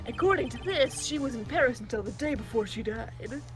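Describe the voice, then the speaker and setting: Smug male prosecutor, woman reading it plainly, high voice, soft game music. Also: expressive, brisk, lightly acted. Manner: plain read-aloud delivery. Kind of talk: reading game dialogue aloud.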